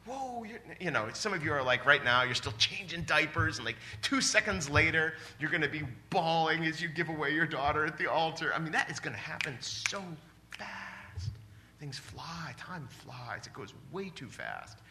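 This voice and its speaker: A man in his forties preaching a sermon in a church, animated and exclamatory, often laughing. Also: on the high side, moderate pace. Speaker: pastor. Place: church sanctuary.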